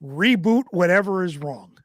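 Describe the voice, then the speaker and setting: A man's voice: high voice, expressive, a little slow, fairly bright tone, no echo, studio quality. A man co-hosting a casual chat, teasing with crude jokes. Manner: joking, crude teasing remarks. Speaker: IT guy and co-host.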